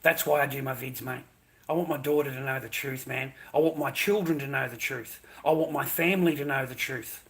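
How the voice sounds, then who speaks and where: A man's voice: mid-range voice, fairly quick, vocal fry, a bit bright. An Australian man ranting angrily on his own livestream, swearing constantly and talking straight at his viewers. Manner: angry, profane, combative, addressing viewers directly. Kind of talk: livestream rant to chat.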